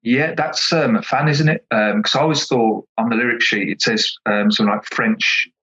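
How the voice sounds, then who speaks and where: A man's voice: medium pitch, steady tone, normal speed, bright, forceful tone, muffled recording. A man, an author being interviewed, chatting casually and enthusiastically, rambling with lots of "you know" fillers. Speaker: author and podcast guest.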